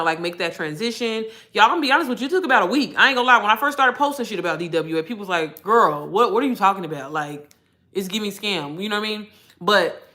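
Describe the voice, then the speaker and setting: A woman talks candidly to her livestream audience, cussing freely and calling them y'all. Her voice is bright and forward, and her pitch sits at an ordinary middle height. She keeps a loose, chatty flow as a digital marketing mentor. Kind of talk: casual livestream Q&A.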